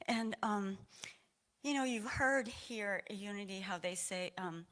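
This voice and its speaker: A woman's voice: mid-range voice, measured pace, long pauses, a bit bright. A woman from Aroostook County, Maine, sharing a personal testimony at a church service in a meandering, conversational way, audibly emotional.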